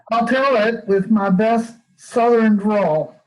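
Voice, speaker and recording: A man's voice: high voice, drawn-out words, poor audio. A man telling a joke in an easygoing way over a video call, chuckling as he goes. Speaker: community member telling a joke.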